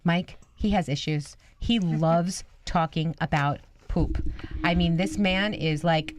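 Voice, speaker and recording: A woman's voice: lowish voice, a little hiss or hum. A woman co-hosting a radio show, bantering in a playful, teasing way. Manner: playful, teasing, quick to laugh along.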